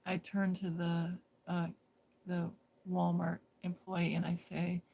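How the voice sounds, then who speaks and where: A woman live streaming, telling a story casually in a rambling way that drops into hushed whispers. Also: lowish voice, completely flat delivery, slow, vocal fry, slight background noise.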